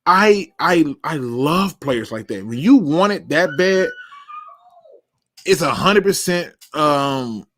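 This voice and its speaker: A man hosting a casual sports talk show, animated and laughing at himself. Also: fairly high pitch, takes it slowly. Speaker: podcast host.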